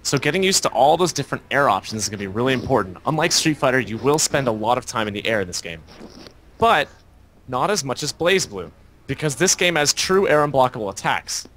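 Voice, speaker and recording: A man's voice: medium pitch, sing-song, a little fast, a bit bright, slight background noise. A man co-hosting a casual gaming podcast, explaining fighting game tactics in detail. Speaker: podcast co-host.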